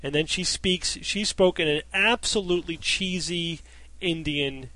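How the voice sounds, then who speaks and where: A man's voice: fairly high pitch, measured pace, pushed and bright, dry recording. A male podcast host in casual panel chat, wry and skeptical, laughing often.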